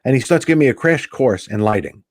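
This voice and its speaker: A man's voice: medium pitch, fast talker, no room sound, studio quality. A male comedian telling a casual anecdote as a guest, acting out the dialogue. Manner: animated anecdote teller acting out quoted dialogue. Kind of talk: casual storytelling.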